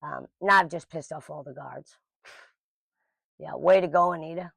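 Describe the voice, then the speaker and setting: A woman's voice: sits low, a little slow, creaky, breathy edge, no room sound. A middle-aged woman telling a personal story to camera in a casual, blunt and emotional way. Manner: emotional, blunt, lively quoting of others.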